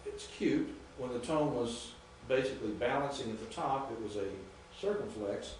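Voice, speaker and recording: A man teaching a class, speaking haltingly, repeating words and quizzing students as he goes. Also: medium pitch, slight background noise. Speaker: Greek teacher. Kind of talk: classroom lecture. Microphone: distant room mic. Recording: echoey classroom from far off.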